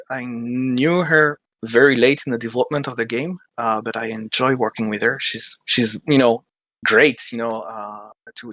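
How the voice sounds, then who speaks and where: A man's voice: mid-range voice, fairly bright tone. A man from France with a French accent, an indie game developer chatting in an interview, hesitant with many restarts and laughter. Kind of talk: casual interview chat.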